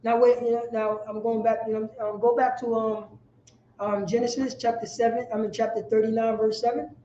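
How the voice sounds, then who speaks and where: High-pitched guy teaching bible class, preachy, repeats everything, echoey muffled room. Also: level tone, brisk, slight background noise. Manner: forceful, preachy, repeats lines for emphasis. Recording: echoey room, dull lo-fi sound.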